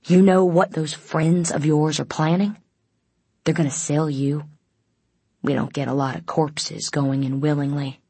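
A woman's voice: sits low, fairly even intonation, measured pace, dark tone, husky, no echo, full character voice. A woman voicing a sneering male checkpoint guard who mocks the people in the car. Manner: sneering, mocking.

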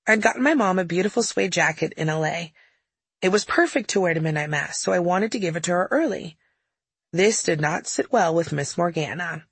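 A woman's voice: on the low side, gravelly, slightly rough, no room sound. A woman narrating her own audiobook memoir in a candid, wry storytelling manner, close to the mic.

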